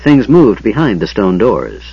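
Husky-voiced man narrating an audiobook. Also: fairly low pitch, unhurried, no echo. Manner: expressive, dramatic storytelling. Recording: dull lo-fi audiobook recording.

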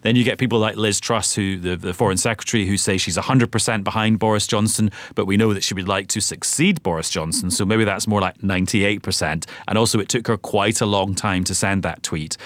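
A man, a political correspondent, chatting live on radio in a brisk, wry way. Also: on the low side, steady tone, no room sound.

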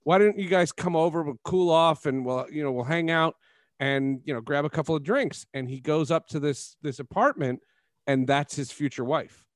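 Animated man hosting a sports podcast. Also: on the high side, normal speed, no room sound, studio quality. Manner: animated storyteller, laughs often. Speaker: podcast host. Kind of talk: casual sports podcast chat.

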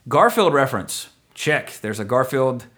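A man's voice: mid-range voice, big pitch swings, measured pace, fairly bright tone. A man hosting a podcast in casual chat, rambling and joking, often correcting himself mid-sentence. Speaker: podcast host.

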